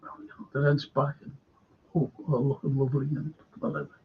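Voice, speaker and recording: Speaking fairly quickly in a level, mid-range voice, a Scouse host rambles through a heartfelt anecdote on his current affairs livestream, full of tangents and fresh starts. The dull lo-fi recording carries a bit of hiss or hum.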